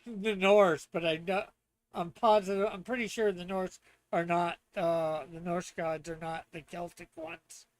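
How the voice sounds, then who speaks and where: A man's voice: high-pitched, fairly even intonation, a little slow. A man hosting a casual live stream, reading chat aloud and laughing often. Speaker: streamer host.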